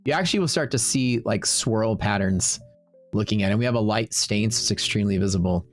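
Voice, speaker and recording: A man's voice: lowish voice, brisk, faint music behind. A man hosting a livestream, telling a long story in a casual, rambling way, full of fillers and quoted back-and-forth. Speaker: livestream host.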